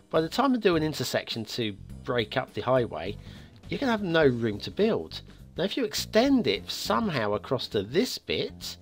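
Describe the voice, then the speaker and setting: A man hosting a game map review show, talking casually with many filler pauses. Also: medium pitch. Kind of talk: casual video game commentary. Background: faint background music.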